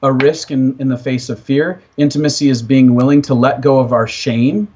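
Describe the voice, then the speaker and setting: A man, a personal coach, talking in a calm, earnest, explanatory way about feelings and trust. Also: mid-range voice, normal speed, dull audio, slight background noise. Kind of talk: reflective coaching talk.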